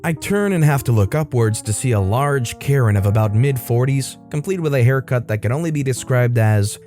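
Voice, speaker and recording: A man's voice: mid-range voice, lively intonation, moderate pace, hardly any pauses, a little mellow, faint music behind. A man narrating a reddit story in the first person, dry and wry.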